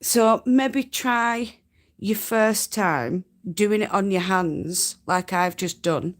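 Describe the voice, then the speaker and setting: A woman's voice: mid-range voice, slow pace. A woman from North Yorkshire with a Yorkshire accent, giving homely, chatty spinning tips as host of a live stream and laughing often. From North Yorkshire, England. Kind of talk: casual live-stream tutorial chat.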